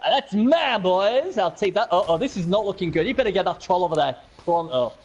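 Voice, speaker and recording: A man commentating a video game match casually, excitable and laughing often, with many restarts and repeats. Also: high-pitched, fairly quick, breathy edge, dull audio.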